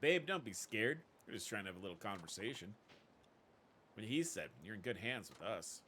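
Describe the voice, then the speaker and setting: A man's voice: lowish voice, very animated, normal speed, fairly bright tone, a little hiss or hum. A man voicing cocky, sleazy male club touts who push women with leering come-ons.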